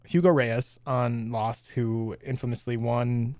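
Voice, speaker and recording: A man in casual podcast chat, voice in the middle of the range. He talks in an animated way and laughs often, with his pitch jumping up when excited. The sound is close and dry. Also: slow, no echo. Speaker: podcast co-host.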